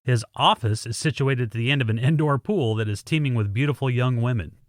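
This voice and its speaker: A man's voice: medium pitch, a little fast, dry recording. A man co-hosting a podcast, recapping a movie plot with dry, wry remarks. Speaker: podcast co-host.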